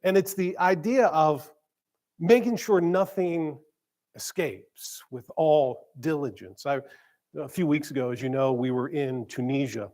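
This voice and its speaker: A man, a church pastor, preaching conversationally with stumbles and repeated words, slowing down to stress key phrases. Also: a little high, darkish tone. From grew up in a small town. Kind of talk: sermon. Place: church sanctuary.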